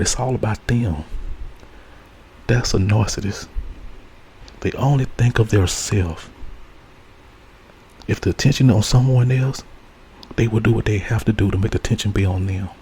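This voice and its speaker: A man's voice: lowish voice, mellow, a little hiss or hum, low-quality recording. A man hosting an ASMR spiritual advice talk, speaking earnestly and repeating key phrases like a preacher. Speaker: host.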